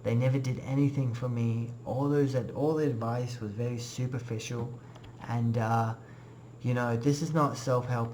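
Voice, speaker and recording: A man's voice: medium pitch, a little mellow, slight background noise. A young man giving a casual, earnest personal testimony in a web class, rambling with many fillers.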